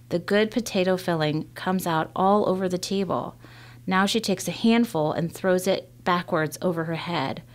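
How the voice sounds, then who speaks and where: A woman reading a children's novel aloud in a measured first-person storytelling manner. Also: fairly low pitch. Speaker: reader.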